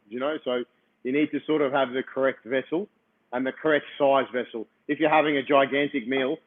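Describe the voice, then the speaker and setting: A man, a chef, talking in a relaxed way and laughing easily. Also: mid-range voice. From Greece. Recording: tinny phone-like line.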